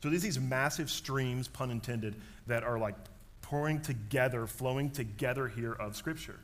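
Animated man preaching a sermon. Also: medium pitch, moderate pace. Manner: animated storyteller, swings from hushed to loud. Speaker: pastor. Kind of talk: sermon with personal story.

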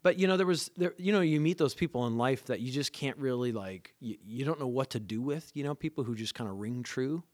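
A man telling the story of his conversion to a podcast host in an earnest, animated way, with plenty of fillers. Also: mid-range voice, a little fast, hardly any pauses, no echo. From Southern California. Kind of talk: casual conversational testimony.

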